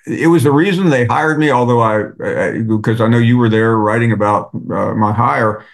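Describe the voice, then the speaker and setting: A radio host speaks as a guest on a podcast, reflective and halting. He restarts often, and his voice sits at an ordinary middle pitch. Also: vocal fry. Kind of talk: conversational interview.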